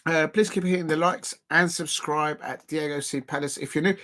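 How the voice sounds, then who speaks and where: A man hosting a live football watch-along stream, rambling and excitable, full of fillers and repeats. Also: fairly high pitch, normal speed, hardly any pauses.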